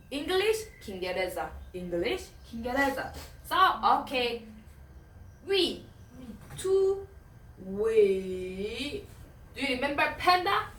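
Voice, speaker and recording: Patient teacher woman, lively voice. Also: a little high, reverberant, recorded from a distance, slight background noise, poor audio. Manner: patient, repeats words slowly for students. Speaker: Swahili teacher. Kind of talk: language lesson drills.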